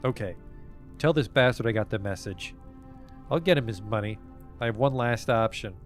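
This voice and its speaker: A man voicing a hoarse, jumpy male smuggler who swings between eagerness and snarling threats, read from game dialogue. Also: medium pitch, normal speed, faint music behind, natural voice. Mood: grudging. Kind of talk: reading game dialogue aloud.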